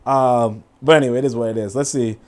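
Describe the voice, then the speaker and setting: A man hosting a casual livestream, reacting to a video and chat with profane, animated talk, laughing asides and lots of fillers. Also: medium pitch, fast.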